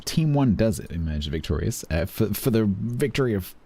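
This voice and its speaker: A British man talks to his stream viewers while he plays, his voice low and a little husky. He rambles from topic to topic with dry, self-mocking humour, in a mellow, relaxed tone. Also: normal speed. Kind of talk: casual chat while gaming.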